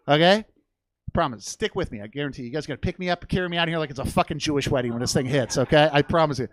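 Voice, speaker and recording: A man's voice: mid-range voice, fast, no echo. A young man doing stand-up on a comedy theater stage, telling a rambling, profane story with lots of energy.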